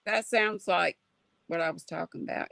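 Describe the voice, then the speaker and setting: A woman's voice: fairly low pitch, moderate pace, vocal fry. A woman chatting casually and in a friendly way with the host of a live stream. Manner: friendly and chatty, signs off warmly. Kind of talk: casual chat.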